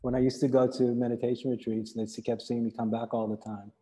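Flat-voiced man with a long hall echo. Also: medium pitch, fairly quick. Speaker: dialogue partner. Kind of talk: public spiritual dialogue.

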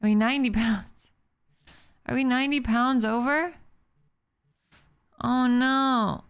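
A woman's voice: a little high, slow pace, clean tone. A young woman streaming a video game, reacting emotionally and thinking aloud as she plays. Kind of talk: live gameplay commentary.

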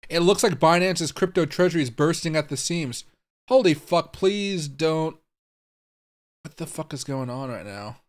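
A man's voice: on the high side, lively intonation, a little slow. Baffled man thinking aloud on a stream. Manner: baffled, thinking aloud, swearing, talking to viewers. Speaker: crypto livestream host. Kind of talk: live-streamed casual commentary.

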